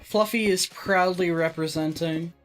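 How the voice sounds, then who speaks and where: A woman from Texas talks her way through a building session in casual gaming commentary. Her voice sits fairly low, and she rambles and jokes at herself, with the odd swear. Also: fairly even intonation, a little slow, faint music behind. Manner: rambling, self-mocking and jokey, with some swearing. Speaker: let's play host.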